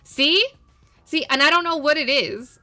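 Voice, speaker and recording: A woman's voice: high voice, a little slow, pushed and bright, no room sound, soft background music. A young adult woman streamer chatting casually with viewers, rambling and repeating herself, filling with "like".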